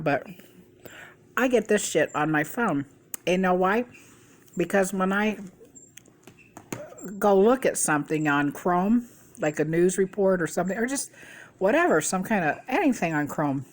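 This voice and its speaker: A middle-aged woman vlogger telling a rambling, gossipy story in a casual way, swearing freely. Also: mid-range voice. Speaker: mukbang vlogger.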